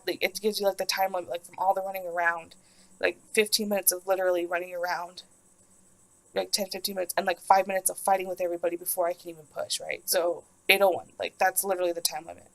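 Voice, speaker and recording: A woman's voice: lowish voice, low-quality recording. A woman in her twenties telling a personal story casually and candidly, cursing freely and acting out what people said. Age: 20s. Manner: candid, swears often, reenacts quotes. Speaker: vlogger.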